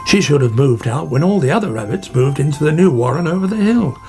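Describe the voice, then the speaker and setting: A man's voice: fairly high pitch, animated, quick pace, over music. A man voicing a chatty, friendly male otter in a storybook reading.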